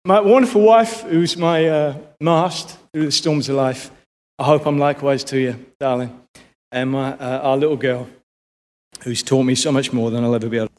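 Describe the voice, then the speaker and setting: A British man giving an award acceptance speech, halting and full of "uh" fillers, recorded in a large awards hall. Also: mid-range voice, steady tone, a little mellow. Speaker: award winner. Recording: reverberant hall with crowd.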